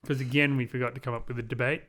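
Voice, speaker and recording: A man's voice: mid-range voice, level tone, racing, a bit bright. A man in his thirties, co-hosting a casual podcast chat with dry, teasing humor. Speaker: podcast co-host.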